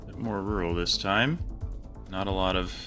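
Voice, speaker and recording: A man casting a competitive geography game, giving calm, analytical commentary. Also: low voice, moderate pace, faint music behind. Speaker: esports caster.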